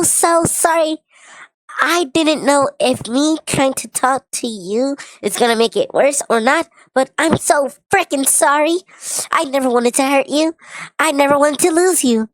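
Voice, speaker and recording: A woman streamer voicing a cute, squeaky e-girl through a voice changer, reading in a mock-sweet, pleading way. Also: a little slow, dry recording, rough recording.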